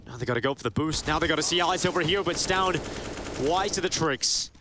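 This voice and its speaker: Man calling plays over clear noise. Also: fairly high pitch. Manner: rapid play-by-play that rises sharply on big plays. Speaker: esports commentator. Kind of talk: live play-by-play commentary.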